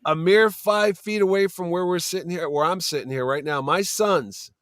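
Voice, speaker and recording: A man's voice: sits high, moderate pace, crowd noise. A man telling rambling stories in a casual chat, swearing often and acting out what others said. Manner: animated storyteller, swears freely, acts out quotes. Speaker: convention owner and guest. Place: basement room.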